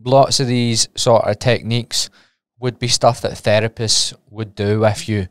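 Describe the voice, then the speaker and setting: Scottish podcast host, slightly low-pitched, tangent-prone, casual and sweary, dry close sound. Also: male voice, fairly even intonation, normal speed, clean tone, no room sound. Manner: rambling, goes off on tangents. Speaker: podcast host and personal trainer. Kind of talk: solo podcast monologue.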